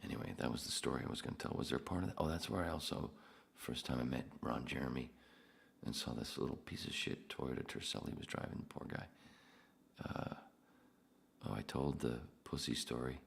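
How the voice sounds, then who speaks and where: Very deep, gravelly-voiced man telling stories. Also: fairly quick, slight background noise. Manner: profane, rambling storyteller. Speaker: podcast host. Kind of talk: casual storytelling.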